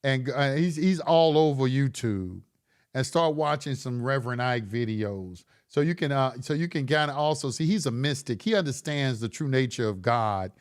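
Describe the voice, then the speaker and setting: A man's voice: mid-range voice, expressive, moderate pace, smooth. A middle-aged man hosting a late-night livestream, talking bluntly and profanely in a preachy way that rises to impassioned. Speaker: online course host.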